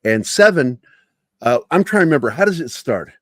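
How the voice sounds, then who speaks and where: A man's voice: mid-range voice, big pitch swings, fairly quick, dry recording, studio quality. A man talking as a guest in a casual chat. He rambles, laughs often and swears freely.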